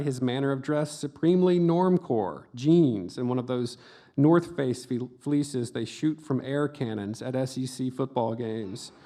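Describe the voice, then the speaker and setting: Middle-aged man reading with deadpan humor. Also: on the high side. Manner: deadpan comic delivery with brief offhand asides. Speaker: author reading from his memoir. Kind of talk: live reading at a book festival. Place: book festival event before an audience.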